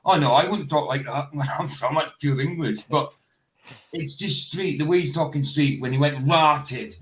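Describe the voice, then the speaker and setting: A man's voice: on the high side, moderate pace, a bit bright, poor audio. A man from Fraserburgh chatting casually while reacting to a video, rambling and laughing often. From Fraserburgh, Scotland. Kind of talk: casual chat.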